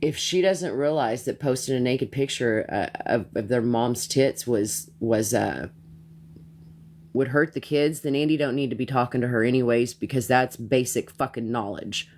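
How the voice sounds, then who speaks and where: A woman's voice: a bass voice, moderate pace, few pauses, darkish tone, slight background noise. A woman streaming a heated live rant, blunt and profane, who repeats herself as she gets worked up.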